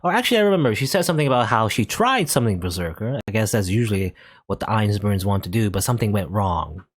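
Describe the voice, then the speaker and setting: A man's voice: lowish voice, sing-song, fast, no room sound. A young man hosting a let's play, reading a visual novel aloud and musing over it, often hedging as he thinks aloud.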